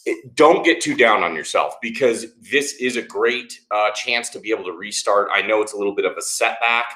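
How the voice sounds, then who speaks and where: A man's voice: lowish voice, brisk, pushed and bright, echoey room. A man co-hosting a fitness channel, reading viewer comments aloud and giving friendly, encouraging replies.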